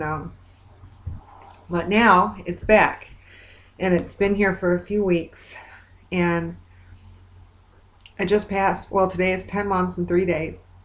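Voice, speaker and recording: Woman vlogger, lower voice, chatty diary talk, long rambling retellings full of fillers. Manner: hopeful yet weary. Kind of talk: casual personal video diary.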